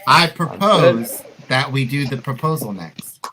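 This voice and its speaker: A man's voice: medium pitch, lively intonation, measured pace, sharp tone, slight background noise, poor audio. A man hosting a live video-call play reading, chatting jokily between scenes and reading stage directions. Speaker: host and stage-direction reader.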